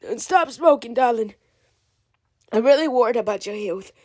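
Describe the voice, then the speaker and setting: Woman doing comedy skit banter, teasing and fussy, high lively voice. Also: normal speed, no room sound, clean studio sound. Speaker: comedic performer.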